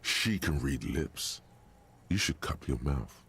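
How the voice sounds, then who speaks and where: A man voicing a grim, knowing narrator in a video game, speaking in measured, ominous commentary with a gravelly, raspy voice. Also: extremely low pitch, lively intonation, a bit bright, exaggerated voice.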